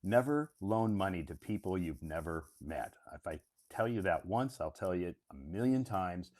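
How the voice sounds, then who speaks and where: A man's voice: low voice, expressive, normal speed, hardly any pauses, a little mellow. A man hosting a live stream, explaining English words in a casual, repetitive, emphatic teacher's way.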